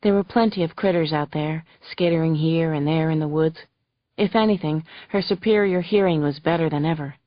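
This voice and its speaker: A woman narrating a thriller audiobook in the first person with gentle, emotional storytelling. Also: low voice, a little fast, no echo. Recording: dull lo-fi audio, faint music.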